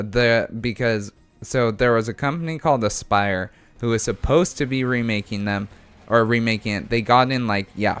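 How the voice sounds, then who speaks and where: A man's voice: medium pitch, a bit bright, clear, resonant tone. A man co-hosting a casual gaming livestream, reading chat messages aloud, rambling and laughing often.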